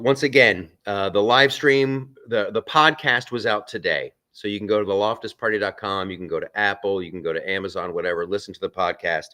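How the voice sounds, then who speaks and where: A man's voice: lowish voice, fairly bright tone. A man hosting a live stream from a film set. He chats casually, reads out viewer comments and rambles with restarts and asides.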